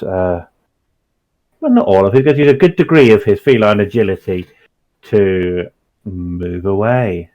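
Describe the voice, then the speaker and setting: Low-voiced man describing his moves. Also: a little mellow. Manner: halting, thinks aloud with many ums. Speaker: player. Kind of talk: describing his character's actions in a tabletop game.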